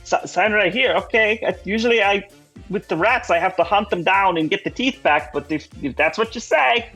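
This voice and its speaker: A man's voice: high-pitched, moderate pace, sharp tone, slightly rough, voice pushed up, full character voice. A man voicing a flustered, eager male doctor in a tabletop game, over faint music. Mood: frantic eager. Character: frantic high-strung male doctor.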